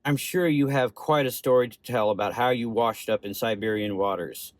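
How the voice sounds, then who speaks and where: A man voicing an older Russian doctor with a Russian accent, speaking slowly and gently. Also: medium pitch, no echo, lightly acted. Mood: grave. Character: older male Russian doctor, kind, sad.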